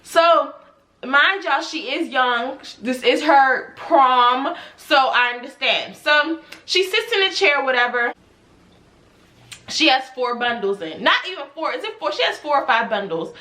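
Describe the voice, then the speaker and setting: A young woman telling a storytime vlog about a client, animated and exasperated, piling up rhetorical questions. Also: sits high, a little slow. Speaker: hairstylist and vlogger.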